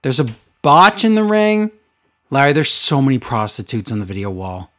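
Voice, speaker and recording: Sarcastic male co-host, animated intonation, exasperated ranting. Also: mid-range voice, moderate pace. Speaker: podcast co-host recapping wrestling. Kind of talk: casual chat.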